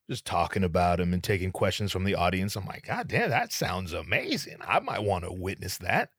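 A young man tells a story on his podcast in a casual, profane, self-mocking way. His voice sits low but jumps sharply upward whenever he acts out his own reactions. The sound is close and dry, with no room around it. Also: no echo. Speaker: podcast host.

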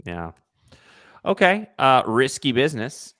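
Man, podcast co-host, wry and joking, lively intonation, dry sound. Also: mid-range voice, unhurried, dry recording. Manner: wry, joking, moves the list along. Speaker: podcast co-host leading the list. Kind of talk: casual chat.

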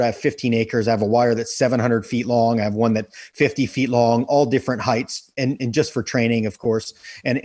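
A man in his forties, a guest in an interview, who talks with earnest, animated enthusiasm as he tells stories. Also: mid-range voice, husky, no room sound. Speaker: guest, professional wire walker. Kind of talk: casual interview conversation.

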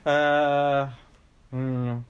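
A man's voice: on the high side, little pitch movement, drawn-out words, highs cut off. A man chatting casually and playfully, hesitating before he tries an impression. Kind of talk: casual chat.

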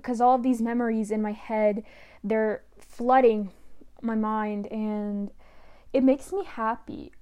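Young woman, low-key and halting. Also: steady tone, dark tone, clear, resonant tone. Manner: emotional, halting, apologetic. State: close to tears. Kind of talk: personal monologue.

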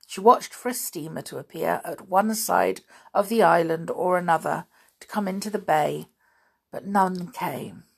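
A woman reading a children's storybook aloud, steady and measured. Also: fairly low pitch, vocal fry, slightly rough. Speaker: audiobook reader. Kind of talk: storybook narration.

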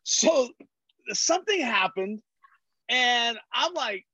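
A man from California with a strikingly high voice tells loud, profane stories and acts out other people's voices. He is a comedian guest, and he is recorded on a dull, dry track with no room sound. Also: expressive, moderate pace, no room sound. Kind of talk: casual chat.

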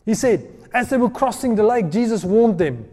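A man preaching a sermon, retelling a scripture story with lively, acted-out voices. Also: high-pitched, moderate pace. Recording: long hall reverb.

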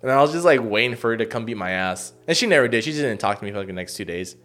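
A young man rattles off an anecdote at a quick clip, his pitch sitting in the middle range. He swears freely, stacks filler words, and jumps into loud quoted voices. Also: animated. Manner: profane, rambling, many fillers, acts out quotes loudly. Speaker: storyteller in casual podcast chat. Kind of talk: casual chat.

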